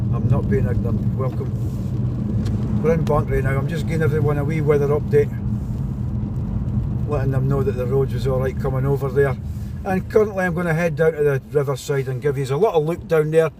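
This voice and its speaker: A Scottish man chatting casually on a phone live-stream while he drives and then walks out in the snow, greeting his viewers again and again. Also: fairly high pitch. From Scotland. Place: in a car, then outdoors in snow. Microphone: mobile phone. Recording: phone mic with road and car noise.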